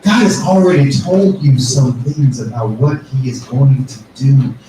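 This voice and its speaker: A male pastor preaching a sermon, rising to shouted fervor and calling for responses from the congregation. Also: mid-range voice, measured pace, crowd noise. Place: church sanctuary. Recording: echoey church from far off.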